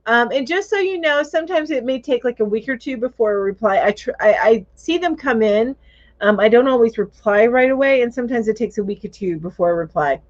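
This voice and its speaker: A woman's voice: fairly high pitch, lively intonation, brisk. A woman hosting a crochet live chat, reading viewer comments aloud in a chatty, casual way, thinking aloud and laughing easily. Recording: dull lo-fi livestream audio.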